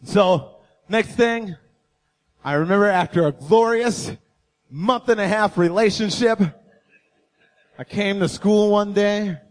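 High-voiced man telling a lively story. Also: slow, pauses often. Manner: animated, acts out voices and sounds. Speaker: guest speaker. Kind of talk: humorous storytelling sermon. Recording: echoey hall.

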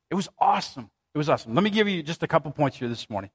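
Animated high-voiced male pastor preaching. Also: fast, few pauses, husky. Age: 30s. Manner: animated, conversational storytelling with dramatic scripture reading. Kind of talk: sermon.

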